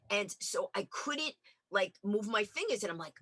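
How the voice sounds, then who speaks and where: A woman guest in a lively interview chat, an energetic storyteller who acts out the dialogue in her stories. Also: medium pitch, brisk, dry recording.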